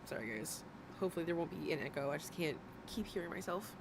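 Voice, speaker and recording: Against a noisy background, a woman streamer gives casual commentary in a low, animated voice, talking fast. Worn out after hours of talking, she rambles, cuts herself off, and giggles.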